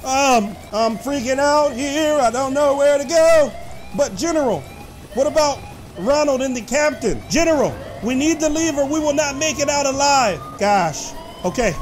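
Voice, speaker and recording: A man hosting excited gameplay commentary, talking to his viewers and shouting when the action peaks. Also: very high-pitched, moderate pace, slight background noise. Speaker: gaming host.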